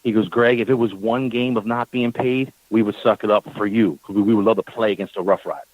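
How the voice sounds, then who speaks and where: A man's voice: lowish voice, fast, no echo, phone-quality sound. A man, a team owner, telling a long story on a talk radio show, acting out the exchanges and repeating words when worked up. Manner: animated storyteller, acts out quoted exchanges.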